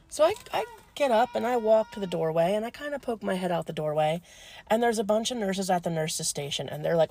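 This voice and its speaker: A woman who works as a home health aide telling a comic story, animated, blunt and salty. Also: on the low side, brisk, slight background noise.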